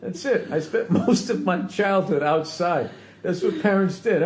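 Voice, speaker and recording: A man's voice: high voice, a little slow. A man trading blunt, profane banter on a podcast, rambling and self-mocking as he tells a story. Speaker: podcast host. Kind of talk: casual comedic banter. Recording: echoey room with faint background noise.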